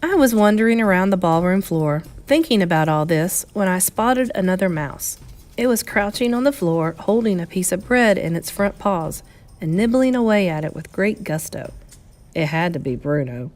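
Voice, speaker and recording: A woman narrating a children's novel read-aloud in an expressive storytelling manner. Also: medium pitch, moderate pace.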